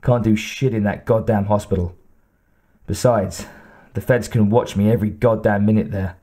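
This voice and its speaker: A gruff battered tough cop, voiced by a male narrator. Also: lowish voice, steady tone, normal speed, dark tone, natural voice. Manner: gruff, curt. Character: injured tough male cop, blunt and profane.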